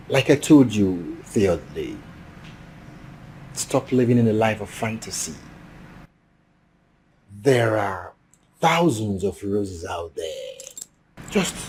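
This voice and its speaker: Coaxing friend. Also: male voice, lowish voice, a little mellow, slight background noise, exaggerated voice, rough recording. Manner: coaxing, repeats himself, drawn-out "eh?". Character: supportive male friend, coaxing, upbeat. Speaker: consoling friend. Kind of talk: film drama acting.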